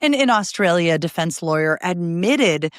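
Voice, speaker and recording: Brisk woman reading a news roundup. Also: fairly low pitch, animated, dry recording, studio quality. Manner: brisk, chatty asides between stories. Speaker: news podcast host.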